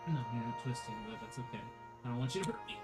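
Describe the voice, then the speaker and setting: Her bass voice is animated and racing as this woman streamer chats casually while clear music plays behind her. She horses around, teasing, swearing, laughing a lot and grunting with effort.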